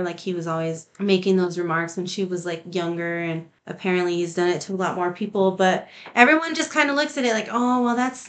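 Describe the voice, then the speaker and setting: This podcast host is a woman with a lowish, slightly bright voice, chatting casually and nonchalantly. She swears a lot, fills her speech with "like," and laughs between sentences.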